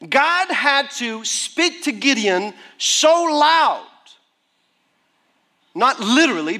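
A middle-aged man preaching a sermon, animated, acting out the voices of figures from scripture. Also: very high-pitched. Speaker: preacher, school head and therapist.

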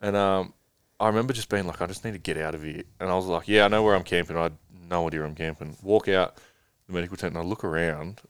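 A man's voice: sits low, fairly even intonation, fast talker, clean tone, no echo, studio quality. A young man casually telling a long rambling story as a guest, swearing freely.

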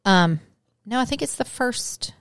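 A woman co-hosting a casual podcast chat, teasing and chiding her partner with quick reactions. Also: a little high, lively intonation, clean tone, dry recording. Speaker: podcast co-host.

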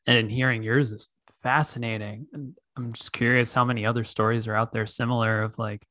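A man hosting a podcast, chatting in an easygoing, measured way. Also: medium pitch, sharp tone, no room sound, studio quality. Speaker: podcast host. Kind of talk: casual chat.

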